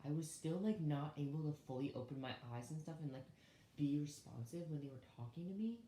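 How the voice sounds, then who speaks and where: Young guy vlogging a story time, mellow voice, says like constantly, room echo. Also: fairly high pitch, brisk, a little hiss or hum. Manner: rambling, heavy use of "like", swearing. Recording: roomy echo, faint background ambience.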